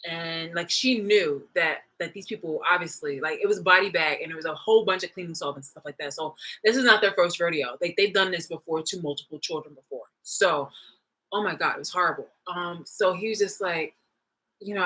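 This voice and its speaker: Woman vlogger, bright edgy tone, loose profane storytelling to camera. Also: on the low side, brisk, husky, rough recording. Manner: profane, animated, retelling a clip with laughs. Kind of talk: casual rambling monologue.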